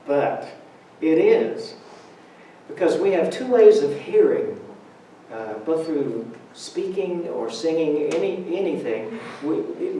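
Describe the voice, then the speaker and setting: A man with a warm voice on the high side gives a Sunday talk at church, telling stories in a humorous, conversational manner punctuated by laughs. Slight background noise accompanies the roomy sanctuary sound, with the speaker distant from the mic.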